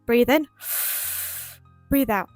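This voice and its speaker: A woman talking through her crafting in a casual voiceover, rambling and quick, laughing at herself. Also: medium pitch, no room sound, soft background music. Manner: rambling, quick, self-deprecating. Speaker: crafting vlogger.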